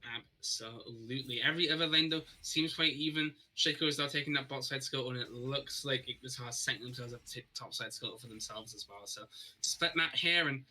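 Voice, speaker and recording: A man calling an esports match live in a very bright, forward voice that sits a little high for a man. He reacts quickly to the action and trips over repeated words when excited. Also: rough recording. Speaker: esports caster. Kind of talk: live play-by-play commentary.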